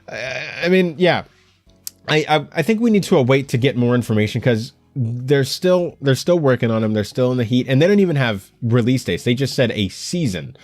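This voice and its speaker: A young man hosting an anime news show, talking in a rambling, animated way with frequent stammers and restarts. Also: medium pitch, no echo. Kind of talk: casual solo commentary. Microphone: headphones while recording at home.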